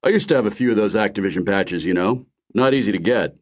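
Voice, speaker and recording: A man voicing a mild-mannered middle-aged man who speaks calmly and soothingly. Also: fairly low pitch, fast talker, natural voice. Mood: casual. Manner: soothing, patient.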